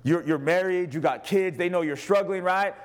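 A man preaching a sermon from the pulpit, his voice pitched high and light. He preaches with animated energy and slips into the voices of the people in his stories. A live congregation answers him now and then. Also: moderate pace. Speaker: pastor. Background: congregation responding.

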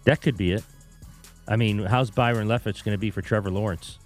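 A man's voice: fairly low pitch, fairly even intonation, brisk, soft background music. A man co-hosting a sports radio show, tossing in dry wisecracks. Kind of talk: casual sports talk.

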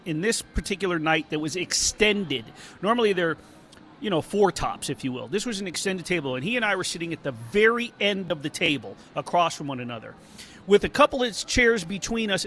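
A man's voice: fairly high pitch, a little hiss or hum. A man who is a local sports reporter, talking casually on a sports radio show and telling stories with lots of restarts. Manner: animated, storytelling with many restarts.

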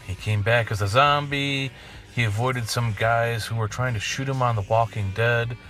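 A man's voice: mid-range voice, fairly even intonation, normal speed, a bit bright, soft background music. A man hosting a podcast, rambling through a crude, jokey monologue and swearing freely. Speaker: podcast host.

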